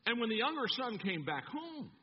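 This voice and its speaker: High, animated preaching man. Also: moderate pace, noisy background. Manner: animated storytelling, acting out voices. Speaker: pastor. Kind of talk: sermon with humorous stories. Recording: echoey church hall, dull sound.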